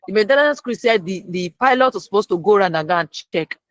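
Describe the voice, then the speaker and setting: A speaker, sharing a personal lesson as a guest and retelling it lively, acting out the people in the story. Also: mid-range voice, quick pace, dry recording. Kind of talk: storytelling testimony.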